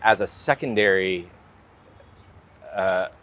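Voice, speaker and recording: Speaking slowly in a deep, somewhat bright voice, an American man gives an interview as a guest artist. His talk is casual and wandering, sprinkled throughout with "like" and "you know."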